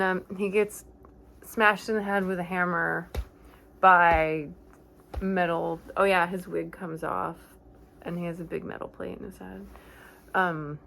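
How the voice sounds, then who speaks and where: Woman, lowish voice, casual movie recap, rambling, self-correcting, chatty asides. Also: creaky, fairly bright tone, slight background noise. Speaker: horror movie vlogger.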